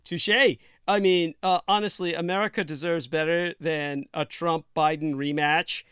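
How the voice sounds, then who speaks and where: A man's voice: a little high, fairly even intonation, normal speed, fairly bright tone, clean tone, no room sound, clean studio sound. A man hosting a casual talk show, laughing easily and hesitating with fillers. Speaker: host.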